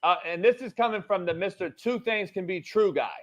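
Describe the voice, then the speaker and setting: A sports show host with a very high voice for a man, arguing heatedly and loudly. He swears freely and needles his co-host with mocking nicknames. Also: brisk. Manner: loud, profane, goading.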